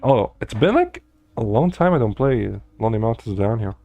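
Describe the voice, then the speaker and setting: A man giving relaxed, wry commentary as he plays a video game, often talking to himself. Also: mid-range voice, normal speed, muffled recording, soft background music. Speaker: gamer streamer.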